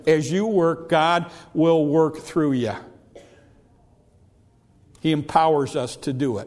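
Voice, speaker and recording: A man delivering a sermon from the pulpit, his voice sitting a little higher than most men's. He preaches emphatically, repeating words and restarting phrases as he builds his point. A long reverb trails each phrase. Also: darkish tone. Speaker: pastor.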